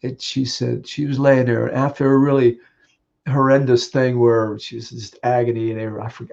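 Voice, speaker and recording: Man, grieving husband, warm mellow rasp, halting and tearful, lo-fi call sound. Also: mid-range voice, little pitch movement. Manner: halting, tearful, laughs through grief. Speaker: grieving husband sharing memories. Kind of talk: emotional memorial tribute. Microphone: video call.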